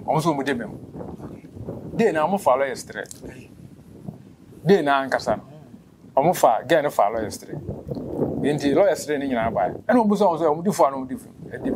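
A Ghanaian man speaking as an interview guest, telling a long story that grows animated and rushed as it goes. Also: medium pitch, background noise. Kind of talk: emotional interview.

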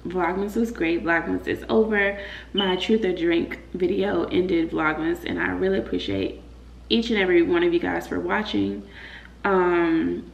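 A woman's voice: lowish voice, steady tone, unhurried, gravelly. A young woman vlogging in casual chat, talking straight to her viewers. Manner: chatty, talks straight to viewers. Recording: roomy echo, faint room noise.

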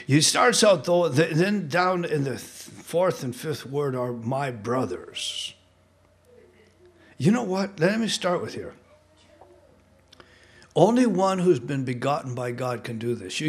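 A man from the United States preaching a sermon in a church, animated and pressing, rising loud on key points and asking the congregation questions. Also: a little high. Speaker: pastor. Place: church sanctuary.

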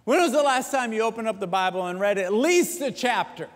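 A man's voice: high-pitched, lively intonation, fairly quick, pitched above the performer's own voice. A man voicing a stern, exasperated father who fires blunt questions at his grown son, in an echoey hall. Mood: stern scolding.

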